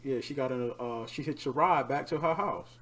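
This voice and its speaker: A woman's voice: very deep voice, fairly quick, fairly bright tone, poor audio. A woman co-hosting a podcast, chiming in with short comments in a casual chat. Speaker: podcast co-host.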